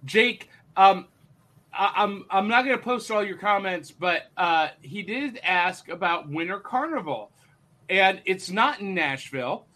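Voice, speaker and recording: A man's voice: high-pitched, expressive, measured pace, bright, forceful tone. A man hosting a casual live group chat and reading out viewer comments. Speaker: podcast host.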